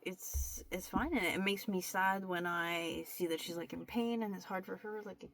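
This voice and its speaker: A woman's voice: on the low side, fairly even intonation, normal speed, fairly bright tone. A young woman in a candid, confessional vlog, talking straight to her camera with many restarts and fillers. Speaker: vlogger. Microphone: camera mic.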